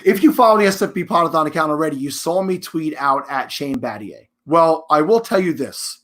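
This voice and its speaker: A man's voice: a little high, expressive, a little fast. Chatty man hosting a live stream. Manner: chatty and emphatic, with frequent restarts and shout-outs. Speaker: host of a live charity stream. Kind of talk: casual live-stream announcements.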